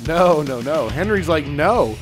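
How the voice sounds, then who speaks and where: A man's voice: a little high, big pitch swings, fairly quick, a bit bright, soft background music. A man co-hosting a radio show, telling a story in a casual chat and laughing along. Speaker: radio co-host.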